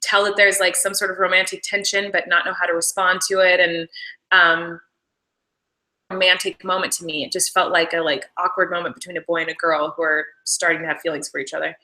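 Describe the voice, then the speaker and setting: A woman's voice: lowish voice, little pitch movement, fairly quick, pushed and bright, low-quality recording. A young woman casually chatting about filming her show, rambling with lots of "like"s. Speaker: actress commenting on her show. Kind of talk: casual behind-the-scenes commentary.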